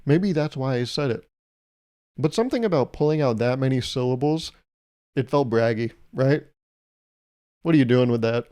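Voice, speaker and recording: A man hosts a solo podcast, riffing through a sarcastic, comedic monologue and firing off rhetorical questions in a mellow, warm voice of ordinary male pitch. He's expressive, speaks at a normal speed with frequent pauses, and hands out mock advice with a playful, teasing edge.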